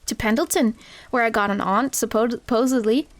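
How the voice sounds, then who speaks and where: A woman's voice: a little high, brisk, close to an everyday voice. A woman reading the lines of a scrappy, cheeky male street-raised critter from a cozy game.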